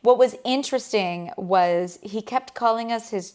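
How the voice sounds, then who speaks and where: A woman's voice: mid-range voice, unhurried, a little mellow, clear, resonant tone. A woman telling her husband about a recent outing in a casual chat, rambling and restarting as she goes. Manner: chatty, rambling storyteller with many restarts. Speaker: co-host.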